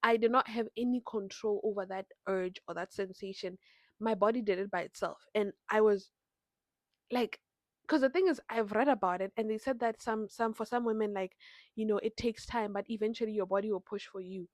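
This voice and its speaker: A young woman telling her birth story in a vlog, animated and acting out the people she quotes. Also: mid-range voice, a little fast, no echo. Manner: animated retelling with quoted voices. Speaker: vlogger.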